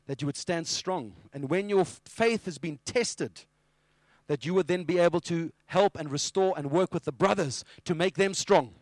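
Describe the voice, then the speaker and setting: A man voicing Jesus as a calm, steady man giving gentle, measured reassurance. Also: high voice, dry recording, close to an everyday voice. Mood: reassuring.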